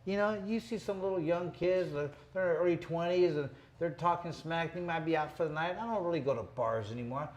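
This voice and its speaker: On his boxing show, a man in his fifties tells stories in a loose, tough-talking ramble, tossing in "you know" constantly. He speaks briskly on the high side with few pauses.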